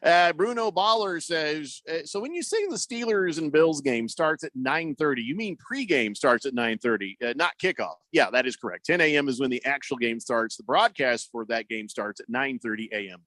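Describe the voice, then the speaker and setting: Sports radio host, male, slightly high voice, dry studio sound, rambling joker. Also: animated, moderate pace, hardly any pauses, a bit bright, dry recording. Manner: rambling and joking, many fillers. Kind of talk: casual sports talk radio.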